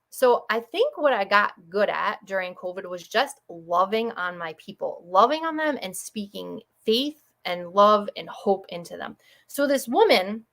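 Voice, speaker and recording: A woman from Connecticut, a chiropractor talking as a guest on a broadcast, tells patient stories in a quick, chatty, effusive way. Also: mid-range voice, bright, forceful tone. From Connecticut, USA. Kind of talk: casual storytelling on a broadcast.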